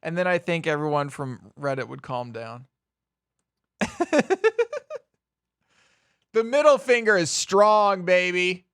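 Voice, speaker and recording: A young man livestreaming, reacting to market swings with swearing, laughter and excited exclamations. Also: sits high, normal speed, hardly any pauses, smooth. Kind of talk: excited live stream commentary.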